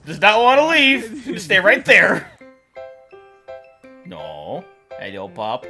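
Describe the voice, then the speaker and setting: A woman's voice: medium pitch, huge pitch swings, takes it slowly, gravelly, sharp tone, faint music behind. A woman hosting a reaction video, exclaiming, cooing and laughing as she comments on funny animal clips. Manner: laughs often.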